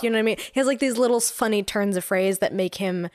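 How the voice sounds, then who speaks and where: A chatty woman co-hosting a podcast at an average pitch. She talks casually, with lots of "like" and "um", and lifts her voice when she gets excited. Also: fast. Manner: chatty, lots of fillers and upspeak, animated. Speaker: podcast co-host. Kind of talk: casual chat.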